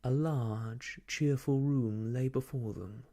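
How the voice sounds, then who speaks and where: A man reading a children's classic aloud in a gentle, hushed, half-whispered ASMR style. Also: medium pitch, fairly even intonation, slow pace. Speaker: storyteller. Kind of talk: soft-spoken ASMR story reading.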